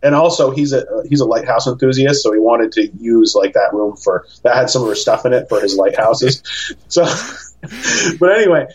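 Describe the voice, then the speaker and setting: A man's voice: mid-range voice, moderate pace. Rambling man with a lo-fi sound. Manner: rambling, animated, acts out quoted voices. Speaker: guest. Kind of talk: casual storytelling chat.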